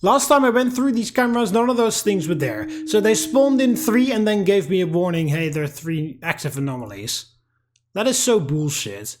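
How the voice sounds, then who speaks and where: A man's voice: high-pitched, sing-song, moderate pace, hardly any pauses. A man giving profane, angry let's-play commentary while ranting at a game. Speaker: gaming YouTuber.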